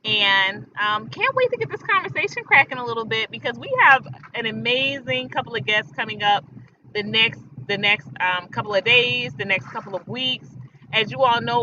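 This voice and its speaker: Bright, emphatic woman streaming outdoors. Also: on the high side, animated, normal speed. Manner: chatty, emphatic, addresses viewers as y'all. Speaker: livestream host. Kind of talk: casual livestream talk to viewers. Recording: dull lo-fi outdoor audio with faint noise.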